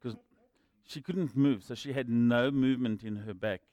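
A male preacher delivering a sermon with personal testimony, recorded close and dry with almost no room sound. His voice sits in an ordinary middle pitch. He swings from loud, emphatic declarations to hushed, confiding asides. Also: normal speed, no echo, lo-fi sound.

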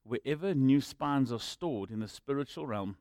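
A man preaching a sermon and telling personal stories, moving between loud emphatic lines and quiet asides. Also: mid-range voice, animated, moderate pace, no echo, studio quality. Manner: storytelling, swinging from loud emphasis to hushed asides.

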